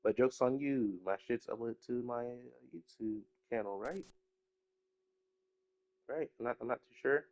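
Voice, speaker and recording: A man's voice: mid-range voice, unhurried, pauses often, darkish tone. A young man chatting casually in a rambling way, swearing often and trailing off into mumbles, a little sick with a stuffy nose. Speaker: YouTuber.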